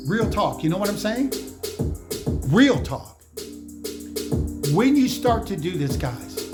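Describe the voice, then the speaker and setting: A man's voice: high-pitched, very animated, takes it slowly, long pauses. A man giving an emphatic, slangy motivational monologue on spiritual matters, lecturing his viewers directly. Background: music playing behind.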